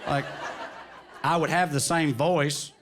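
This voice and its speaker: A man with a Tennessee drawl performing stand-up comedy in a club, animated and quick to slip into silly voices. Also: on the high side, a little hiss or hum. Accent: Southern US, Tennessee drawl. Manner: animated, swings into put-on voices and quips. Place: comedy club stage with audience.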